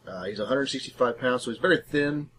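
A man's voice: mid-range voice, fast. A man playing in a tabletop game, casually describing his character with plenty of hesitation. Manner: relaxed, hesitant with fillers, laughs easily. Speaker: player. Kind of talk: casual chat. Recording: faint background noise.

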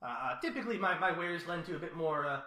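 A man voicing a flamboyant, foppish male shopkeeper who gives a grandiose sales pitch. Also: expressive, fast, bright, forceful tone, reverberant. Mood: smooth, persuasive.

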